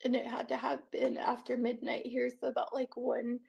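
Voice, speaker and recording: A woman recounts her own experience on a call-in show, earnest and close to tears. Her voice sits high but has a dark, gravelly, husky grain. The call-in audio sounds dull and lo-fi. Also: completely flat delivery, moderate pace. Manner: tearful, earnest storytelling. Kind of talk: emotional first-person account.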